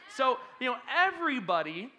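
A man speaking as a youth pastor to a group of kids, energetic and teasing, quizzing the audience with playful questions. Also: very high voice, moderate pace. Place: church hall.

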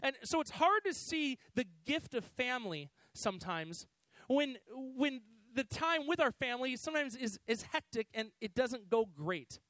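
A man preaches in a relaxed, conversational way. He often adds "you know" and restarts his phrases. His voice is very high for a man, and the sound is dry and close. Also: moderate pace, no echo, poor audio. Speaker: youth pastor. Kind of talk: sermon.

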